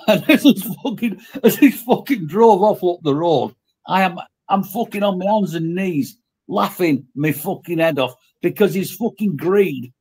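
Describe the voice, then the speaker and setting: A man's voice: high-pitched, animated, measured pace, darkish tone, husky. A man telling blunt workplace stories with heavy swearing as a guest in casual talk. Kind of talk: casual storytelling.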